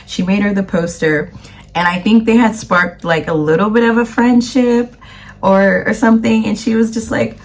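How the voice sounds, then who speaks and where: A woman's voice: mid-range voice, normal speed. A woman from the United States, a vlogger chatting casually to camera in a rambling way with plenty of fillers.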